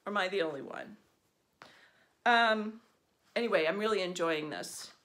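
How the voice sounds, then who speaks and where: A woman's voice: mid-range voice, normal speed, fairly bright tone. A middle-aged woman from New Jersey chatting casually while she stitches, rambling and poking fun at herself, with lots of ums. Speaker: stitching vlogger.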